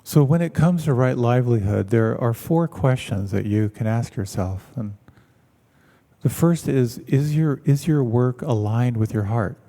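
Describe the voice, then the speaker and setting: A man, a meditation teacher, giving a measured, reflective talk and telling stories to an audience in a large hall. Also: mid-range voice, animated, dark tone. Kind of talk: dharma talk.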